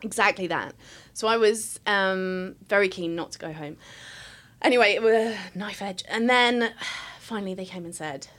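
A woman in her thirties, a podcast guest telling a personal story in casual chat, animated and full of laughs. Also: medium pitch, normal speed. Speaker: podcast guest, writer and performer.

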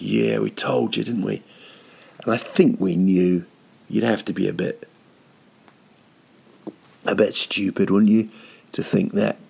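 Slow, gravelly man rambling comically. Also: low voice, a little mellow. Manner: rambling, self-deprecating, many fillers and restarts. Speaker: comedian podcast host.

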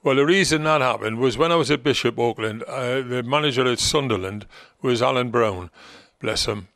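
A man's voice: mid-range voice, normal speed, fairly bright tone, no room sound, clean studio sound. An older man with a Geordie accent, a former football manager reminiscing in an interview with a chatty, storytelling manner. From North East England. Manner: chatty storyteller with fillers and dialect words.

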